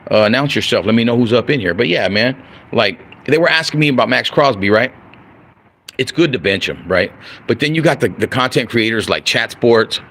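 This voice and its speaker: Profane, animated man ranting on a livestream. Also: mid-range voice, fairly quick. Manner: profane, animated, repeats himself. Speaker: livestreaming vlogger. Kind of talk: casual late-night livestream rant.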